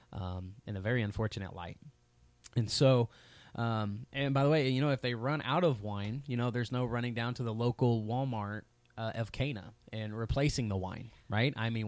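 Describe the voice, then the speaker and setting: A man's voice: mid-range voice, a little mellow, no echo. Conversational man preaching a sermon, dry sound. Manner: conversational, many fillers and restarts. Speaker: pastor.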